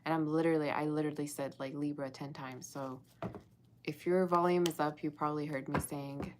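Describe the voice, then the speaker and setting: Low-voiced chatty woman reading tarot. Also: steady tone, a little fast, noisy background. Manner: chatty, talks to viewers in a live chat. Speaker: tarot reader. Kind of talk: live-stream tarot reading.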